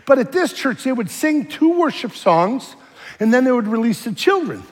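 A man preaching a sermon, lively and joking, swinging between shouting and hushed earnest lines. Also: extremely high pitch, moderate pace, big-room sound.

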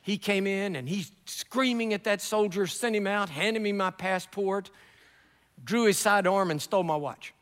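A man's voice: high-pitched, unhurried, fairly bright tone, clean tone, in a large hall. A man preaching a sermon, telling a story and acting out the dialogue.

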